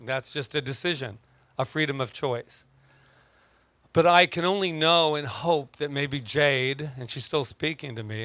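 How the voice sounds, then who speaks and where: A man preaching a casual sermon as pastor, telling stories in an animated, joking way. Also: mid-range voice, dry recording. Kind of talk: conversational sermon.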